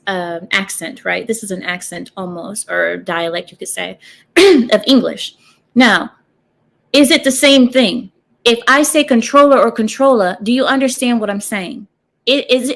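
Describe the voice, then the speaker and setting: A woman hosting a casual stream, reacting to clips and chat and arguing her points through rhetorical questions with frequent laughter. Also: medium pitch.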